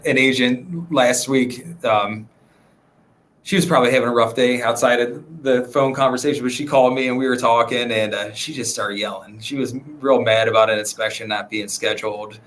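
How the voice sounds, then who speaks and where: A man who works as a real estate agent, a podcast guest chatting in a relaxed, rambling way with many fillers. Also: medium pitch, moderate pace, slight background noise. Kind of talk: casual podcast conversation.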